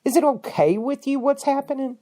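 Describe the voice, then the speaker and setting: Woman podcast host, angry profane rant, loud bursts dropping to mutters. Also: high-pitched, fairly quick. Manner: fiery, indignant, swings between shouting and muttering; profane, rhetorical questions.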